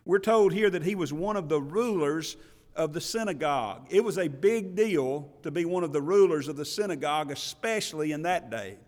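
Earnest preacher man with hall reverb. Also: a little high. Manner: earnest, rhetorical questions, repeats words. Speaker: church elder preaching. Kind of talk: sermon.

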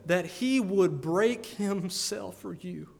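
A man's voice: high voice, slow, creaky, a little mellow. A man preaching a sermon, earnest and conversational, often checking in with his listeners with "right?". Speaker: pastor. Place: church sanctuary. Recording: long church reverb.

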